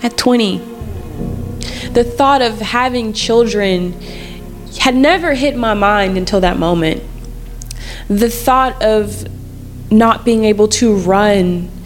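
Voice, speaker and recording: Young woman podcasting her life story, talks casual and real, repeats stuff to hit it home, mid pitch. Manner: candid, conversational, repeats phrases for emphasis. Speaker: podcast host.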